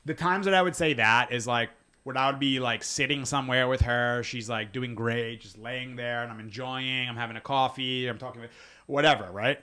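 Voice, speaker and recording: A man hosting a casual dog-training talk, telling stories quickly with lively acted-out quotes and casual swearing. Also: medium pitch, smooth. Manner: fast, animated storytelling with acted-out quotes. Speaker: dog trainer and show host. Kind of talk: casual podcast chat.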